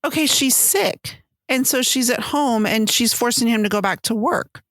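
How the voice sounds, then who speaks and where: A woman's voice: on the high side, moderate pace, no room sound, clean studio sound. Chatty woman podcast host. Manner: animated, acts out her own reactions. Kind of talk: casual chat.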